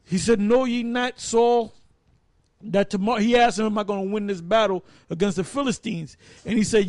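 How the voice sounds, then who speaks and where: High-voiced man preaching casually. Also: fairly even intonation, normal speed, darkish tone, dry recording. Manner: rambling, restarts, emphatic. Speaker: Bible teacher.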